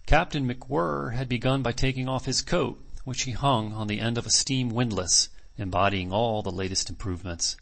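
A man narrating a classic novel as an audiobook in measured, deliberate phrases. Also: mid-range voice, gravelly, fairly bright tone.

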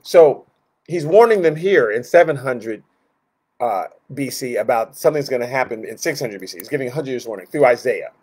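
A man leading a Bible study in a loose, conversational teaching style, animated, often restarting sentences and asking rhetorical questions. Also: mid-range voice, brisk, breathy edge.

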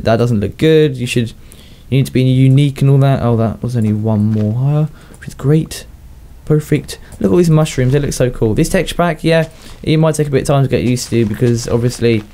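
A man's voice: mid-range voice, mellow. A young man with a Southern English accent rambling through casual video game commentary, chatting to himself and laughing at his own jokes. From southern England. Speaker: gaming YouTuber.

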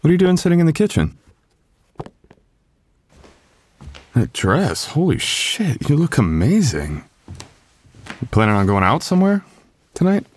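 A man's voice: fairly high pitch, huge pitch swings, moderate pace. A man voicing a loving young husband in an ASMR boyfriend role-play, stammering and soothing as he apologizes. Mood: casual.

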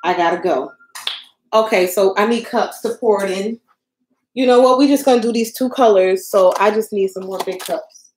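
A young woman hosts a casual live stream from her home craft room, flustered and joking at her own expense while she crafts and chats with viewers. Her mid-range voice is a little mellow and moves at a normal speed. The recording has a roomy echo and slight background noise.

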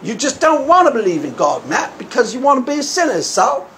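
A man's voice: very high voice, big pitch swings, a little fast, a bit bright, slight background noise, exaggerated voice. A man doing an impression of a mustached Australian debater with an Australian accent, lecturing and dismissive. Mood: scolding.

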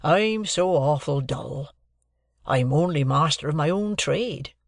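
A warm, unhurried village blacksmith in a storybook reading, as a male narrator puts him on, middle-aged and kindly. He talks in plain rustic phrases, slow and comfortable, pitched a touch above an ordinary male voice. The dry recording puts him close to the mic. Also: lively intonation, gravelly, no echo, full character voice.

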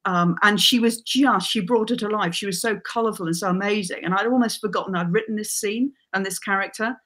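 A woman in her forties, a crime writer guest, chatting enthusiastically and telling lively stories. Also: mid-range voice, a little fast. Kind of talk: casual chat.

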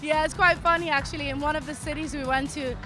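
A woman's voice: high voice, fairly even intonation, fast, over music. A woman DJ chatting playfully in an outdoor interview beside her tour bus. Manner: playful, chatty, self-promoting. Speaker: DJ guest. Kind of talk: casual interview.

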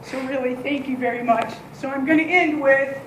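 A woman who leads a day camp gives a candid, animated thank-you speech built around a story. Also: high-pitched, moderate pace, roomy sound, noisy background. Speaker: day camp and child care leader.

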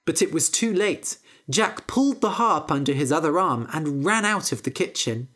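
Her voice sits low as she reads a fairy tale in a storyteller's manner. The reading is slow, clear and expressive, meant for learners of English.

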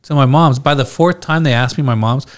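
A man's voice: mid-range voice, fairly quick, smooth. A man casually retelling a story on a podcast, rambling with lots of fillers and quoting himself. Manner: rambling, animated retelling with many "like"s and acted-out quotes. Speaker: podcast co-host.

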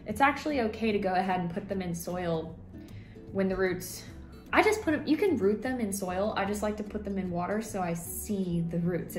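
Chatty woman vlogging in an echoey room. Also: mid-range voice. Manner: chatty, enthusiastic, lots of fillers. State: breathing heavily. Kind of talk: casual how-to vlog. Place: home office room. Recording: echoey room, faint music.

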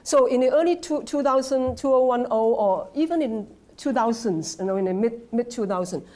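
A woman with a Hong Kong accent giving an academic lecture, halting with many fillers and restarts, often checking with the audience. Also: on the high side, mellow. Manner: conversational, asks the audience "right?". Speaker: guest lecturer. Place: lecture hall.

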